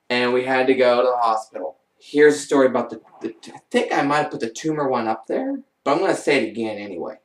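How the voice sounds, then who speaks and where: A man vlogging, telling rambling true stories in a casual, animated way and acting out what people said. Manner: animated, rambling, acts out quoted voices with big pitch jumps. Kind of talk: casual first-person storytelling. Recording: roomy and distant from the mic.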